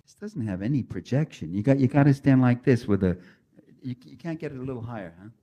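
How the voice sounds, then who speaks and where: A man's voice: medium pitch, animated, quick pace, mellow, highs cut off, a little hiss or hum. Sardonic New man lecturing. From New York. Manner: sardonic, mocking, wry complaining asides. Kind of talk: public talk to an audience. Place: college lecture hall. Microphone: handheld microphone that keeps cutting out.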